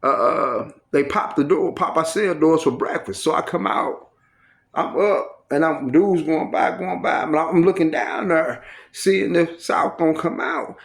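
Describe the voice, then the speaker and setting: A man with a gravelly, fry-laden voice that sits a little high for a man. He tells a story from his time in prison casually and animatedly, full of profanity and street slang, acting out the sounds and exchanges as he goes. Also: measured pace. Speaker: storyteller recounting prison life.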